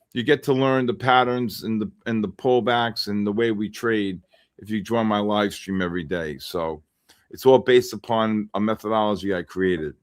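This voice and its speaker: A middle-aged man hosting a live trading stream, rambling casually and calling out viewers by name. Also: fairly low pitch. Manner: rambling, chatty, shouts out chat names. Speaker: livestream trading host.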